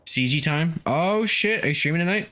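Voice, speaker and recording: A man's voice: fairly high pitch, lively intonation, moderate pace, bright, forceful tone. A man casually commenting while streaming a video game, cursing and laughing often. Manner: loose, profane, laughs often.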